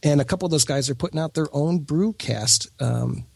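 A man who is a podcast guest talks quickly and excitedly, rambling and putting himself down. His voice is a little husky, and the dry recording sounds close to the mic. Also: fairly high pitch, no echo. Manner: excitable, rambling, self-deprecating. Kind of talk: casual podcast chat.

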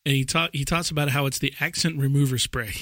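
A man's voice: mid-range voice, fairly even intonation, fast talker, fairly bright tone, dry recording, studio quality. A man co-hosting a podcast, rambling casually and laughing often as he tells stories. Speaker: podcast co-host.

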